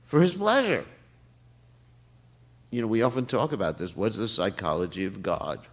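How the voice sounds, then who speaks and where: An older man giving a morning temple class, talking in an animated way and laughing often. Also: on the low side, moderate pace. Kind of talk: sermon. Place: temple hall.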